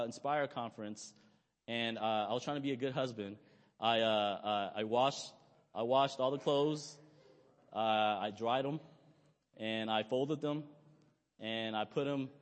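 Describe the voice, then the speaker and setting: A young man preaching a sermon, talking conversationally and asking his listeners questions. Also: mid-range voice. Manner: conversational, asks the audience questions. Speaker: pastor. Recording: long hall reverb.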